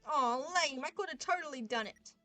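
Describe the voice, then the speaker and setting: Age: adult. Sex: woman voicing a woman. Figure: Undyne, brash and competitive. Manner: blunt and teasing. Pitch: high. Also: expressive, moderate pace, pushed and bright. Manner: blunt, teasing, calls people punk.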